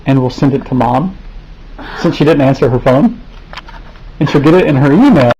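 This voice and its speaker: A man filming his son's stitches for a video, answering critics with sarcastic, deadpan mock outrage. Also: mid-range voice, normal speed, highs cut off, a little hiss or hum. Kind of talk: mock-indignant vlog reply. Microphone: handheld camera.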